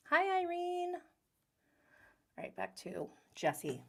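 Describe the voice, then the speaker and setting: Bright giggly young woman, slow easygoing chat, recapping tv. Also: medium pitch, animated. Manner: chatty, giggly, acts out quotes. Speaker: reality TV recap host. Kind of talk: casual video recap.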